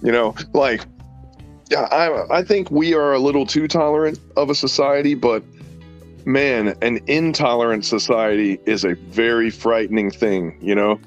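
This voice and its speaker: A man of middling pitch joins a relaxed conversation. He hedges and pauses over fillers as he thinks aloud. His audio sounds dull and lo-fi, and faint music plays underneath. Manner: hesitant, many fillers. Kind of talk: casual chat.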